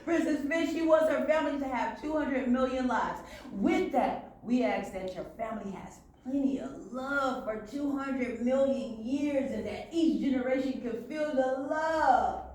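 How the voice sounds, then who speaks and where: High-voiced woman telling a story live. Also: a little slow, hardly any pauses. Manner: animated, playful, often laughing. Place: very echoey room. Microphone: far from the speaker. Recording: very echoey room, mic far off, faint noise.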